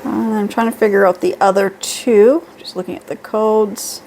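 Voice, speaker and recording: A woman's voice: medium pitch, fairly even intonation, normal speed, a little mellow, a little hiss or hum. A middle-aged woman chatting casually at home through a beauty haul, reading prices and labels aloud. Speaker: beauty vlogger.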